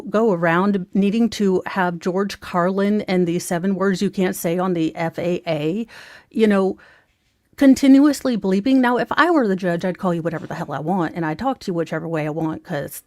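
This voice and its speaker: Female commentator, sarcastic and rambling, mid-pitched voice, dry close recording. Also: darkish tone, dry recording. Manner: snarky, mocking, rambling with asides; talks to her viewers. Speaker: true crime commentator.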